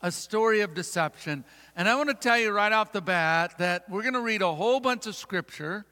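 A man's voice: sits high, fairly quick, sharp tone. A man pastor preaching a sermon, speaking directly to the congregation and asking them questions. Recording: reverberant hall.

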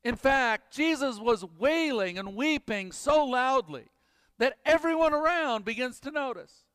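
A man preaching a sermon, emphatic and dropping to hushed intensity, in a church. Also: very high-pitched, lively intonation, unhurried, clear, resonant tone, dry recording, studio quality, in a large hall. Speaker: pastor.

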